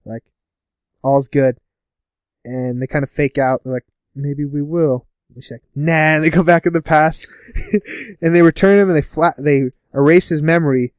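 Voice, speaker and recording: A man casually recapping a TV episode with a co-host, laughing often and putting on quick voices for the characters. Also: a little high, dry recording, studio quality. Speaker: podcast co-host.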